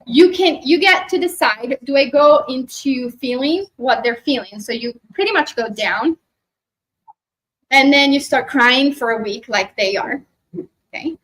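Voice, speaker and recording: High-voiced woman leading a lively workshop. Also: a little slow, poor audio. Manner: animated, acts out quoted voices, frequent "right?". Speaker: spiritual workshop presenter. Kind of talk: live workshop talk and guided meditation. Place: expo workshop room.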